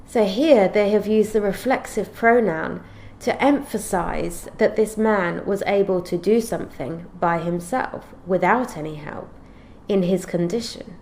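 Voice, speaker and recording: A woman teaching an English grammar lesson, explaining clearly and reading out example sentences in a measured way. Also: mid-range voice, darkish tone, a little hiss or hum.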